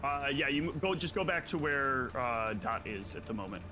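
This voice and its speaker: A man playing a tabletop game, working out his party's moves out loud in halting bursts. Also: medium pitch, lively intonation, faint music behind. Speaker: player.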